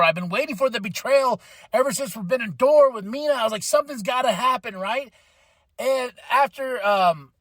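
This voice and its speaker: A man's voice: sits high, fairly bright tone, no room sound. A man hosting a podcast, giving a casual and irreverent recap, swearing freely and acting out what people said. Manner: chatty and irreverent, swears freely, acts out quotes. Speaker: podcast host. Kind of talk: casual wrestling show recap.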